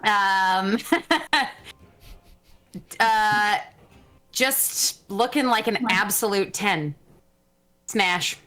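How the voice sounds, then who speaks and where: A woman's voice: mid-range voice, expressive, bright, forceful tone. A woman playing a tabletop game, talking in character in a playful, flamboyant way. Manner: playful, flamboyant, drawn-out phrasing. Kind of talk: in-character role-play chat.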